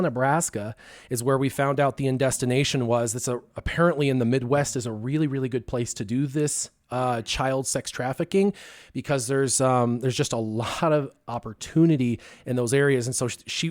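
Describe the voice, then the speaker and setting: Casting: male stream co-host, casual storyteller who acts out his own lines with animated bursts, middle pitch, dry close mic. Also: a little fast, dry recording.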